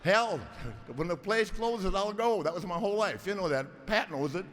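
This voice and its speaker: A man's voice: high voice, moderate pace, fairly bright tone. A man in his sixties giving a rambling, emotional acceptance speech full of stories, stammering and laughing, close to tears. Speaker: hall of fame inductee. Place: large arena hall before an audience. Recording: long hall reverb, crowd noise.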